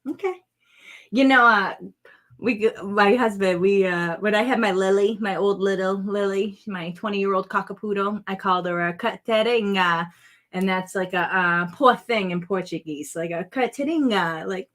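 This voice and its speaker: A woman's voice: medium pitch, moderate pace, a bit bright. A woman in her thirties or forties hosting a casual crafting vlog, chatty, rambling and playful with her viewers. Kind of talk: casual livestream chat.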